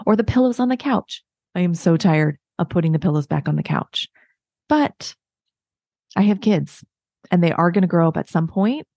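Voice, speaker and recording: A woman's voice: on the low side, lively intonation, normal speed, gravelly, dark tone, no room sound. A woman in her thirties hosting a podcast, giving candid, self-mocking, chatty advice to other parents. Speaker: podcast host. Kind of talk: casual solo advice talk.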